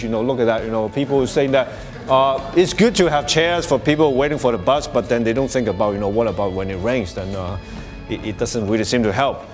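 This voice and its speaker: Guy giving a workshop talk to a room, lots of you know and restarts, laughs a bunch, middle pitch. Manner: chuckles often while explaining. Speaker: workshop speaker. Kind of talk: live workshop presentation. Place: workshop space before an audience.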